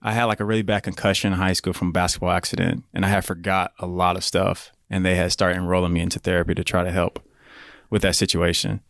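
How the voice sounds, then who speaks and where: A man in his thirties, a podcast guest, telling his story in a relaxed, casual way full of filler words. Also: low-pitched, quick pace, vocal fry, dry recording, studio quality. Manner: relaxed, leans on fillers like "like" and "you know".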